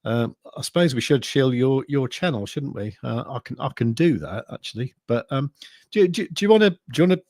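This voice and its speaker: Fairly quick and expressive, a medium-pitched, darkish male voice rambles casually over viewer comments as a livestream host, packed with fillers and restarts. He's an English man from the Midlands whose accent blends Midlands and southern English, after some years in France. Clean studio sound without echo.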